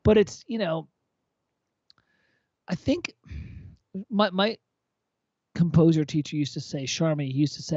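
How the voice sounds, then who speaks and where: A tipsy man chatting casually on a livestream, giving blunt, profane, excitable feedback on a viewer's composition. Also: fairly high pitch, normal speed, pauses often, dry recording. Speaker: co-host reviewing viewer compositions. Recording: dull lo-fi dry sound.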